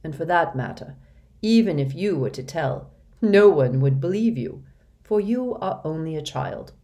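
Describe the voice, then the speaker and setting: A woman reading as a gentle, formal old gentleman. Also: deep voice, animated, normal speed. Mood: firm. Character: kindly wise older man, calm and gentle.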